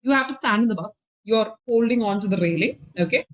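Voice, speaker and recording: A woman's voice: fairly high pitch, brisk. A woman with an Indian English accent teaching spoken English in an online lesson, patient and explanatory, often checking that the learner follows. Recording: slightly dull lo-fi audio.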